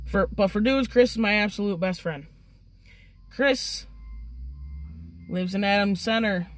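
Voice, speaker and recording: A woman telling a story in a casual, excitable way, swearing freely. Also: medium pitch, measured pace. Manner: profane and excitable.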